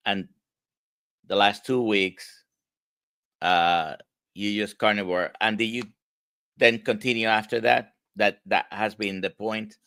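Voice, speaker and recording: A man with a Spanish accent hosts a livestream interview, his voice very deep and the delivery slow and halting. He often repeats a word before going on. The sound is bright and dry. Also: fairly even intonation, smooth, no echo. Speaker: host.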